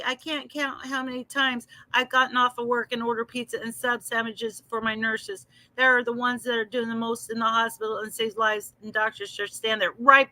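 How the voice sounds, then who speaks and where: A woman's voice: high voice, pushed and bright, no echo. A woman talking casually on a livestream, answering viewers in her chat by name with emphatic, heated remarks.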